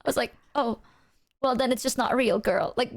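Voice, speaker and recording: A woman's voice: a little high, normal speed, creaky. A woman streamer in casual chat, telling stories animatedly with plenty of swearing and acted-out quotes. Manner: animated, profane storytelling, acting out her own side.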